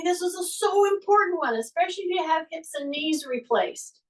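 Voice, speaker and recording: A woman's voice: very high-pitched, fairly quick, far from the mic, poor audio. A woman fitness instructor leading a live exercise class, giving encouraging, repetitive cues and counting down as she moves.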